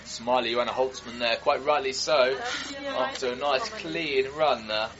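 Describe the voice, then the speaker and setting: A man giving live, joking race commentary that turns into excited shouts at crashes. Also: mid-range voice, normal speed. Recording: dull broadcast audio with crowd behind.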